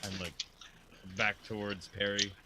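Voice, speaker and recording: Low-voiced male player, noisy line. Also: little pitch movement, measured pace. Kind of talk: tabletop game play. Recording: loud noise and clicks.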